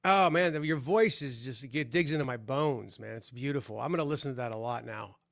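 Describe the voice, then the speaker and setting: A man's voice: mid-range voice, fairly quick, creaky, a bit bright, no echo, clean studio sound. A man hosting a casual interview, chatty and enthusiastic as he praises his guest. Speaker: podcast host.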